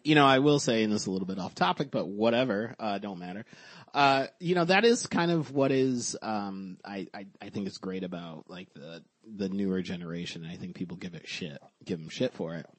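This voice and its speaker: A man hosting a podcast remotely, talking in a monotone, cursing casually and rambling with lots of fillers. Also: fairly low pitch, a little fast, no echo. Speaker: podcast host.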